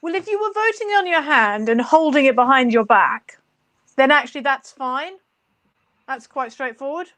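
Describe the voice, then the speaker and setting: A woman's voice: sits high, expressive, normal speed, a bit bright, no room sound. A woman chatting as a guest on a video call, easygoing and reassuring. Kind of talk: casual chat.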